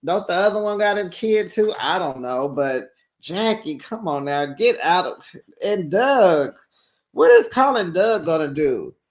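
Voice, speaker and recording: Sassy, chatty recap host with a medium-pitched voice, dishing on reality TV in a casual tone. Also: unhurried. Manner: animated and sassy, quotes cast members; colloquial, says "child" and "honey".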